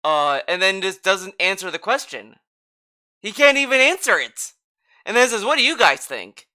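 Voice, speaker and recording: A man's voice: high-pitched, big pitch swings, moderate pace, bright, forceful tone. A man reacting to a stream clip, mocking and sarcastic, swearing freely as he comments.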